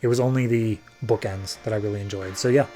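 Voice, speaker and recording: A man's voice: on the low side, steady tone, quick pace, over loud music. A man hosting a podcast, reviewing comics in a casual, rambling way.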